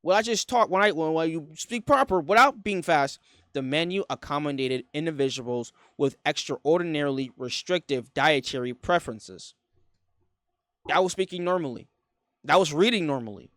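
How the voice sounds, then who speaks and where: A young man with a fairly high voice gives reaction commentary, exclaiming loudly and tripping over his own words as he repeats and corrects himself. The recording is dry and close, with no room sound behind him. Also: normal speed, dry recording. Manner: lively and exclamatory. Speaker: reaction video host.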